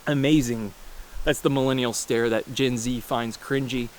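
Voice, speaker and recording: A man's voice: mid-range voice, steady tone, normal speed, slight background noise. A man in his thirties giving a casual, rambling rant to camera, blunt and full of swearing, with frequent restarts. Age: 30s. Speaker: vlogger. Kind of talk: casual ranting monologue.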